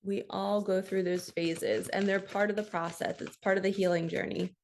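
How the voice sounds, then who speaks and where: A middle-aged woman reads spiritual cards for her viewers, her voice carrying a gravelly edge. She speaks softly and from the heart, pausing to reflect as she goes. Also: medium pitch, level tone, a little hiss or hum. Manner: soft, heartfelt, tearful at times. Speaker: spiritual card reader. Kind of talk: intuitive card reading.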